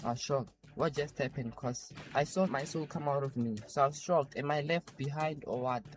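A man's voice: medium pitch, moderate pace. A man giving a personal testimony of a vision, emphatic and repeating his points. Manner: emphatic, repetitive retelling.

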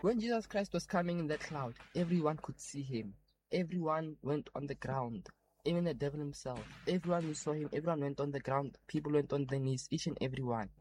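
A man tells of his dream in an earnest, repetitive way, his voice set a little high for a man. Soft music plays faintly underneath. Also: fairly quick. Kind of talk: personal testimony of a dream.

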